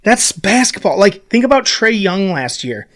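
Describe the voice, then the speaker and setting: Animated young man ranting about sports. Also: high-pitched, moderate pace. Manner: animated, swearing, mocking impressions. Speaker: podcast co-host. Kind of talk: casual sports chat.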